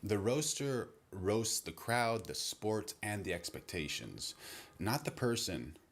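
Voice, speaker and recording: Deep-voiced male commentator, wry, measured comedy monologue. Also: animated.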